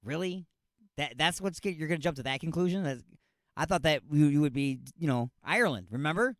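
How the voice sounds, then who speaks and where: High, lively ranting radio host man. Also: a little fast, no room sound, studio quality. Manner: ranting, keeps firing rhetorical questions; restarts and repeats himself. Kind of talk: comedic talk radio monologue.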